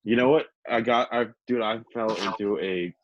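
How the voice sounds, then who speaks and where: A man co-hosting a podcast in casual chat, an animated storyteller who laughs often. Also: fairly low pitch, moderate pace, no echo, highs cut off. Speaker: podcast co-host. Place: studio.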